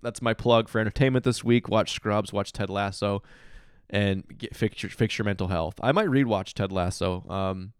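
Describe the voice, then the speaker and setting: A man in his thirties talks to his podcast from a hotel room, slightly tipsy and yawning. He rambles and restarts, then breaks into emphatic outbursts. His voice is smooth and resonant, recorded dry and close. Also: fairly low pitch, moderate pace, no room sound. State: drowsy and a little tipsy, yawning. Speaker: podcast host. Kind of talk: casual solo podcast monologue.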